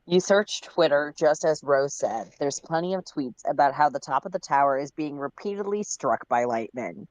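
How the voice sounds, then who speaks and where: Casual stream reader, mid-pitched, dry close mic; narrates a fan story, laughs and swears between lines. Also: lively intonation, normal speed, few pauses, no echo. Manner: reads in second person, breaks off to laugh and swear. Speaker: livestream co-host reading a fan story. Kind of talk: casual read-aloud narration with chatty asides.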